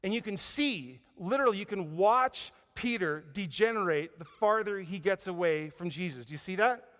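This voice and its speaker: A man preaching a sermon as pastor, telling a story with dramatic swings from loud emphasis to hushed quiet. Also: high voice, expressive, moderate pace. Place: church auditorium. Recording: hall reverb.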